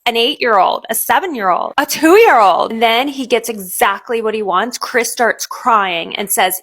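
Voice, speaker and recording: High-voiced animated woman commentator. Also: normal speed, few pauses. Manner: animated, acts out quoted people. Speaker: online commentator. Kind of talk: reaction commentary video.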